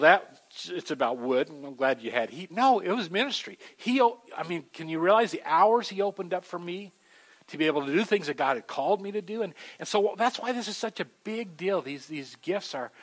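A middle-aged man preaching a sermon, telling stories with an animated delivery that swings from loud to soft. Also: high voice, normal speed. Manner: animated storytelling, voices shifting loud and soft. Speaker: pastor.

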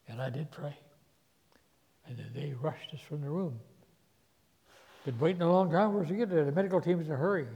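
A man preaching a sermon, telling a personal story, his voice swinging from hushed to loud. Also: sits high, in a large hall.

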